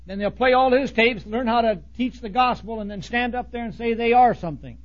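Blunt folksy preacher guy, high husky voice, gets loud then drops real low, muffled old tape. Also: fairly quick. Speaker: pastor. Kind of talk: sermon.

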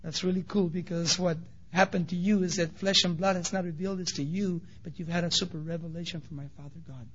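A man voicing Jesus as a friendly male teacher who speaks softly and casually. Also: high voice, steady tone, fast talker, slightly rough, pitched below the performer's own voice. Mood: encouraging. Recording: dull lo-fi recording.

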